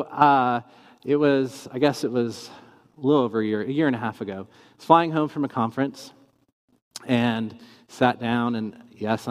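A man teaching in a casual talk, acting out the questions he quotes. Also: medium pitch. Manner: animated, acts out quoted questions in shifting tones. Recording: long reverb in a large room.

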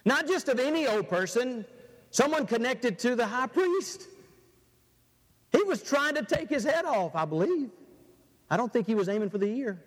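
A high-voiced man preaching with a very lively, swinging delivery, dropping to a hush and then rising loud. His voice rings out in a large church hall with a long reverb. He asks the crowd question after question. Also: normal speed, pauses often. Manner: dramatic, swings from hushed to loud, rhetorical questions. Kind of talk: sermon.

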